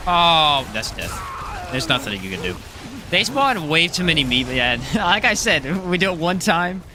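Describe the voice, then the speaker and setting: Lively chatty male game streamer. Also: on the high side, a little slow, noisy background. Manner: chatty, joking, reads chat aloud. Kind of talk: casual live gameplay commentary.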